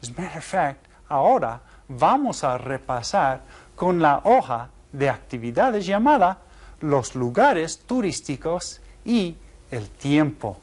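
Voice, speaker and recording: A man teaching an elementary Spanish lesson, saying Spanish phrases slowly and clearly in a friendly, encouraging teacher manner. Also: on the high side, sing-song. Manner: slow, carefully enunciated Spanish phrases for learners.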